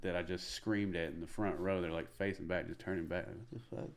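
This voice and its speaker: A man from Middle Tennessee, a comedian guest telling an animated story full of fillers. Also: low voice, fairly quick. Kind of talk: casual storytelling.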